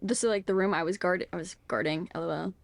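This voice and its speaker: A woman in her twenties co-hosts a podcast in casual chat, her voice lowish, gravelly, and fast, with fairly even intonation and no echo. She's a chatty storyteller who laughs often and fills her stories with "like."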